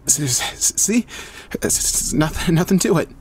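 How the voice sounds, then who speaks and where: Male reader putting on a high, stammering young woman in an audio horror story. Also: lively intonation, brisk, a little mellow, a little hiss or hum. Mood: shivering. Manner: stammering through chattering teeth.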